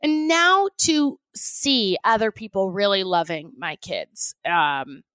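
A woman's voice: mid-range voice, expressive, slow pace, fairly bright tone, no echo. A woman co-hosting a podcast, talking earnestly and reacting with enthusiasm in casual chat. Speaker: podcast co-host.

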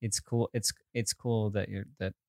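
A man in his thirties co-hosting a podcast, soft-spoken and hesitant, full of fillers. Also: lowish voice, little pitch movement, normal speed, vocal fry, no room sound, studio quality. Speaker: podcast co-host. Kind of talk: casual chat. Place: indoor podcast studio.

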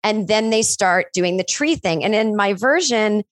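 A woman screenwriter in casual podcast chat, telling stories animatedly and acting out bits of dialogue with sudden jumps in pitch. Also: unhurried, no echo. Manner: animated storyteller who acts out dialogue with big pitch jumps. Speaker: screenwriter discussing her film.

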